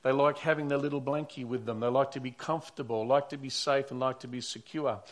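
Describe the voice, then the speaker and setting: A man preaching a Sunday sermon in a conversational way, swinging between loud emphatic lines and quiet asides. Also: mid-range voice, fairly even intonation, fairly quick. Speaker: pastor.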